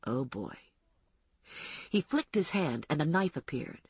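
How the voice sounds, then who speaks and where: Wry first-person audiobook narrator, woman, husky and lively in pitch. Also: a little slow, no room sound, muffled recording.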